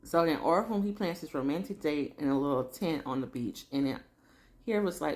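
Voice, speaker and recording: A woman's voice: sits low, brisk, a little mellow. A woman chatting through a casual, slangy recap of a TV drama episode. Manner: chatty slangy storytelling, acts out characters.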